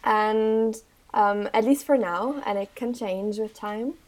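A woman's voice: medium pitch, slow pace. A young woman with a German accent, co-hosting a casual podcast chat and talking hesitantly with many fillers. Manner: hesitant, many fillers and restarts, laughs often. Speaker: podcast co-host.

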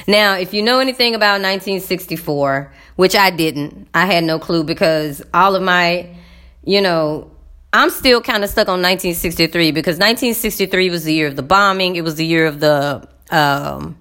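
A woman's voice: on the low side, fairly bright tone. A woman vlogger casually recounting a visit, rambling and talking straight to her viewers with frequent fillers.

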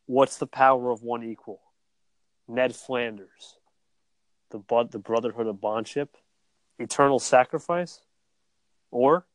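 A man hosts a silly call-in show and answers with easy deadpan. His voice sits at an ordinary middle pitch. The sound is dry and close. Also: no echo, poor audio. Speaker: podcast host. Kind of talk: casual comedy banter.

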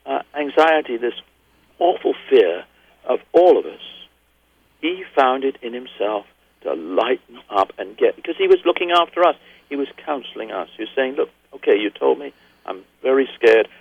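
A man's voice: mid-range voice, breathy edge, dry recording, highs cut off. An older man, a retired children's doctor, earnestly recalling a patient and reading his own poem aloud. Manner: reflective, earnest storytelling. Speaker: retired pediatric oncologist. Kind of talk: personal recollection and poetry reading.

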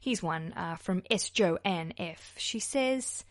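A woman's voice: on the low side, expressive, takes it slowly. A young woman with an Australian accent, hosting a podcast in a bubbly, joking tone. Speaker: podcast host. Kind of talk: casual podcast chat.

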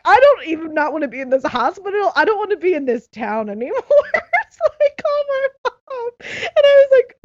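A young woman telling a story in casual chat, animated and laughing, acting out what others said. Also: high-pitched, no echo, lo-fi sound. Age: young adult.

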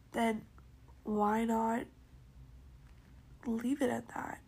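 A woman with a fairly high voice talks through her own podcast slowly and loosely. Her tone is gravelly with a husky edge. She drifts from point to point with plenty of fillers and soft asides. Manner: rambling, chatty, many fillers and soft asides. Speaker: podcast host. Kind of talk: casual solo podcast monologue.

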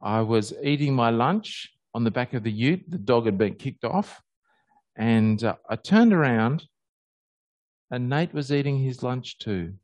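Aussie guy doing a chatty sermon, bouncy storyteller voice, dry sound, no echo. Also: measured pace. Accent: Australian. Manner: animated storyteller, pitch jumping high on happy moments. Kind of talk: conversational sermon with personal stories.

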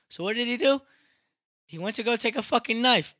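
A young man casually telling a rowdy story, profane and animated, acting out what people said. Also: very high voice, brisk, dry recording. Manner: animated, profane, acts out quotes loudly.

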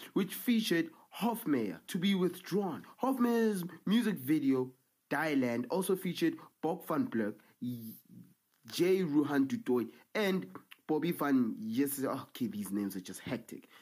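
A man's voice: a little high, a little mellow, slightly rough. A young man, ranting angrily as a vlogger with profanity and stammered repeats. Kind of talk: angry ranting commentary.

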